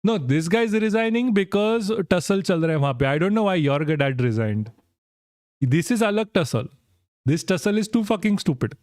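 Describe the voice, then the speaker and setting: Laughing streamer, close dry mic. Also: male voice, high-pitched, lively intonation, brisk, a little mellow, no room sound. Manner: giggly, swearing, laughing through words. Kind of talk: casual reaction stream chat.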